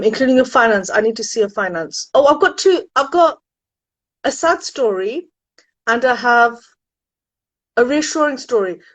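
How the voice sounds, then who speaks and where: The speaker, a woman with a higher-pitched voice, is a university admissions consultant chatting with viewers on a home live stream. She is animated and exclaims frequently. The recording is rough, with no room sound.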